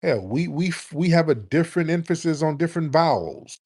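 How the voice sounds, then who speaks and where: A man's voice: fairly high pitch, animated, a little fast, a little mellow, husky. A man from the United States hosting a call-in talk show, emphatic and swearing freely. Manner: brash, profane and emphatic. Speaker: radio show host.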